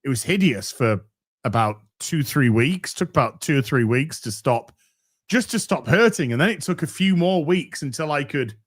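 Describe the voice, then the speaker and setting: Expressive and somewhat high, the voice of this middle-aged man runs at a moderate pace as he hosts a live stream. He talks casually to viewers, swearing liberally and frequently restarting phrases.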